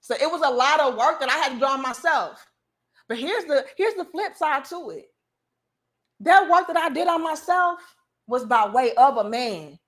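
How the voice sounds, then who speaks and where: A woman's voice: high-pitched, animated, normal speed. A woman, hosting an emphatic, preachy opinion monologue. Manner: emphatic, preachy, acts out quoted voices. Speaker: commentary show host.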